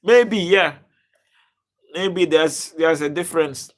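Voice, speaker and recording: A man's voice: on the high side, slow. A man from Africa hosting a casual live stream, bantering with viewers and reading their comments aloud in a playful way. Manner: playful banter, chuckling, repeats words when starting.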